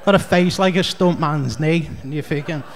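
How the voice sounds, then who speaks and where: A man's voice: on the high side, normal speed, creaky, slight background noise. A man with a Scouse accent doing a rambling, chatty stand-up comedy set on a club stage. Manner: rambling, chatty, heavy on fillers.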